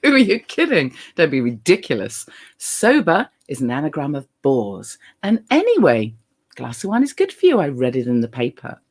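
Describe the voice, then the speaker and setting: A woman's voice: low voice, huge pitch swings, normal speed, darkish tone, breathy edge, exaggerated voice. A woman voicing a chirpy, mocking wine witch who coaxes her to drink. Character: chirpy, tempting female wine witch, inner voice.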